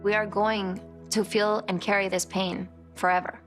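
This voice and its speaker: A woman in her forties talks in a measured, earnest way, pausing to reflect. Her voice sits at an ordinary middle pitch. Soft music plays faintly underneath. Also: level tone. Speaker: reality show cast member. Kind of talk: confessional interview.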